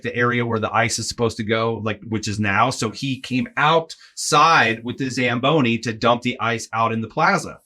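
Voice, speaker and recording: Guy in his 40s on a podcast telling a wild story, bright punchy voice, does all the voices, says like a lot. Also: medium pitch. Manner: animated, acts out quoted voices, lots of "like" and "right?". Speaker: podcast guest, arena in-game host. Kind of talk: casual anecdote telling.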